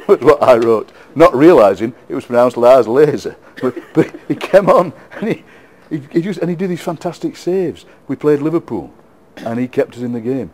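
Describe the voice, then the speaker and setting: Middle-aged yorkshire bloke yarning away, laughs a lot, trips over his words, normal pitch. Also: moderate pace. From England. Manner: animated anecdotes, laughs often, repeats words. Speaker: interview guest, poet. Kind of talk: casual storytelling interview.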